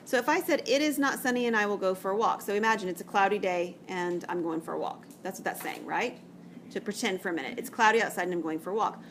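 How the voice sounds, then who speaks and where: A woman's voice: medium pitch, quick pace, a little hiss or hum. A woman math teacher lecturing to a class, chatty and checking in often with "okay?". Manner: chatty, explains step by step with frequent "okay?" checks.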